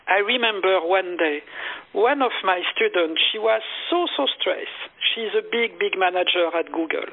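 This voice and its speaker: High-voiced man on a phone line. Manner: earnest, emphatic, repeats phrases for effect. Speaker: guest meditation teacher. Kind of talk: interview storytelling. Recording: phone-line call audio.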